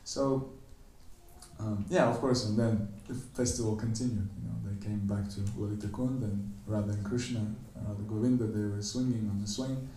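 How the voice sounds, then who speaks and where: Man telling a story in an echoey temple hall. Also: moderate pace. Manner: animated storyteller, acts out the characters' quoted lines in a higher voice. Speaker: temple lecturer. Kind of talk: storytelling sermon. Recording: echoey room, voice from a distance.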